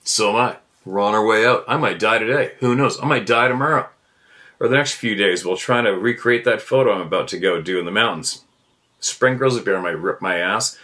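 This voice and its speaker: A man's voice: lowish voice, fairly quick, pushed and bright. A man hosting his own show, talking in a blunt, fired-up rant, cursing freely and repeating his points. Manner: blunt and profane, repeats himself. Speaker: podcast host. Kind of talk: fired-up ranting monologue.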